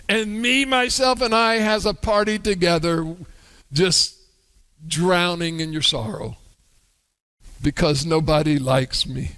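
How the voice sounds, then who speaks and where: Male pastor, bright and high, slow playful sermon delivery, big reverberant sanctuary. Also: clear, resonant tone. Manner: humorous, acts out quoted voices. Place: church sanctuary. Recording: long church hall reverb.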